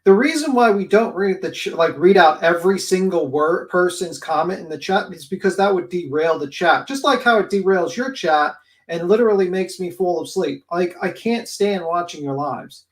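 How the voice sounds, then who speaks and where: A man's voice: high-pitched, animated, normal speed, hardly any pauses. A man co-hosting a livestream, mocking and indignant, rambling with fillers. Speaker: livestream co-host. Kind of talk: casual livestream commentary.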